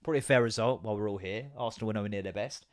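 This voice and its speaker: A man's voice: lowish voice, very fast. An English man hosting a podcast, ranting casually, swearing a lot and laughing often. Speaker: podcast host. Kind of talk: casual comedic rant.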